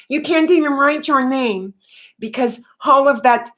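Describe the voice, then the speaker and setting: A woman talking unscripted about her spiritual awakening, earnest and halting, with many fillers and restarts. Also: sits high, fairly bright tone. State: tearful. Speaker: spiritual vlogger.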